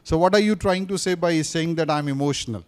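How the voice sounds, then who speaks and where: A speaking coach with a fairly high, smooth voice teaches a class in an interactive classroom lecture, talking a little fast. He addresses the room in a teacherly, probing manner, firing questions at the audience, circling back to repeat points, and briefly switching into Hindi.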